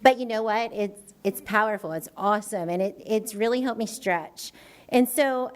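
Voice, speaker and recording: A woman educator telling an animated story in a presentation to a school board, acting out her own quoted reactions. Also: medium pitch, normal speed. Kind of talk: enthusiastic public presentation. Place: school board meeting room.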